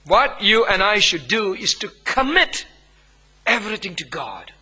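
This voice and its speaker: A man, preaching a sermon as pastor, with emphatic phrasing and long pauses between phrases. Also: sits high, sing-song, sharp tone, breathy edge, rough recording.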